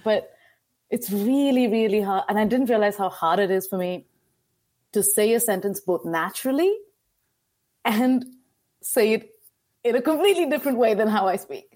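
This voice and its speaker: A woman's voice: mid-range voice, normal speed, pauses often, darkish tone. A woman who narrates company videos, chatting casually as a podcast guest in a matter-of-fact, self-deprecating way. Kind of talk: casual chat.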